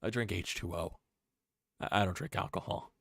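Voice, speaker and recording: A man ranting about his team on a live stream, swinging between loud outbursts and low muttering. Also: moderate pace, gravelly, no echo, studio quality. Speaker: sports fan streamer. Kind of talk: live-stream sports rant.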